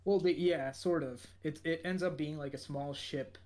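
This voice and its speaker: A man's voice: a little high, fairly even intonation, normal speed, a little mellow. A man with a slightly raised voice talks through a podcast recap in a loose, casual way. He rambles, restarts his sentences and leans on fillers as he goes. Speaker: podcast co-host.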